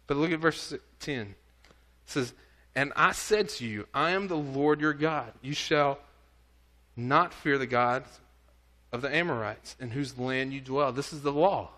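A man's voice: mid-range voice, unhurried, pushed and bright. A man preaching a sermon, reading scripture aloud and earnestly urging his listeners. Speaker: pastor. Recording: audio recording of a church service.

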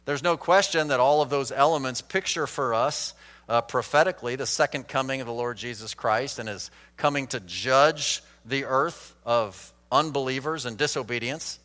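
A man preaching an expository Bible sermon, acting out quoted lines with sweeping changes in pitch and loudness. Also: moderate pace, in a large hall. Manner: dramatic, acts out quoted lines with big swings in pitch and volume.

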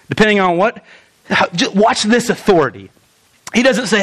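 A young male pastor delivering a sermon with a high, lively voice that swoops up and down. He fires off rhetorical questions and plays out the lines he quotes. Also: fairly quick.

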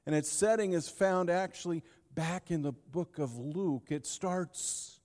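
A man delivers a sermon in a slow, measured way, leaning on dramatic pauses. His slightly high voice swings between loud emphasis and hushed moments. The sound carries the long reverb of a large hall. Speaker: pastor.

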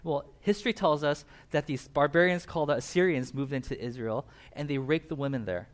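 Male pastor, slightly high voice, casual sermon, animated storyteller who acts out characters in brief asides. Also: brisk. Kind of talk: casual sermon retelling a Bible passage.

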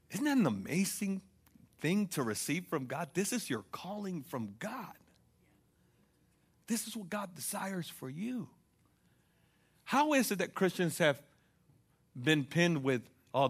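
A young man preaching a fervent sermon, asking the congregation for responses and building to loud passages. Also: medium pitch. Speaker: pastor.

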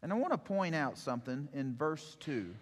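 A man's voice: a little high, normal speed, breathy edge. Man preaching in a reverberant hall. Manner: storytelling, animated retelling with acted quotes. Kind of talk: sermon.

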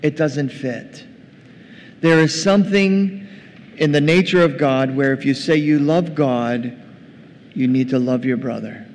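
Calling his congregation "gang," this man delivers a church sermon in a conversational, direct way, his voice on the high side, unhurried and a little mellow. He's a pastor, heard with long reverb and faint background noise.

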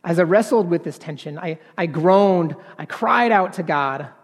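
A man preaching a sermon in an earnest, halting way, repeating words and then building to emphatic passages. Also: sits high, lively intonation, in a large hall.

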